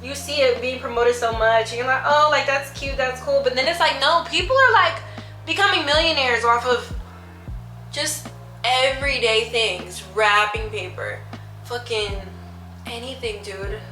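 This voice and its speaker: Rambly twenty-something girl doing makeup and chatting, tons of fillers, kinda high voice, echoey room. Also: measured pace, bright, forceful tone. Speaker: beauty vlogger. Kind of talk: casual chat while doing makeup. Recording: echoey room with faint music.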